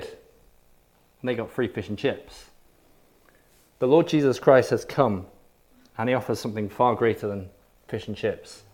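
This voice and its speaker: Brief: male preacher, mid pitch, emphatic, punchy repetition. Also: darkish tone. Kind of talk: sermon.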